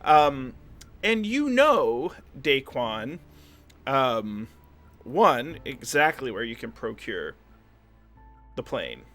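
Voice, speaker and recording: A man's voice: mid-range voice, big pitch swings, very slow, pauses often, fairly bright tone, faint music behind. A man running a tabletop spy game as game master, loose and jokey, laughing often between narration.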